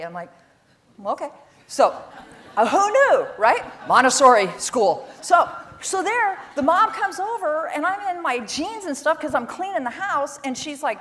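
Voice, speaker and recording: A middle-aged woman giving a keynote talk on stage, telling stories in an animated, exasperated way, often rising in pitch and volume when making a point. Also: moderate pace. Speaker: keynote speaker. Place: conference stage.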